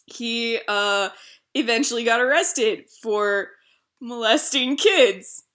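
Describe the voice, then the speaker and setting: Young female streamer, high-pitched, animated cursing raconteur. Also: slow. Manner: animated storytelling, swears freely, laughs often. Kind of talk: casual chat.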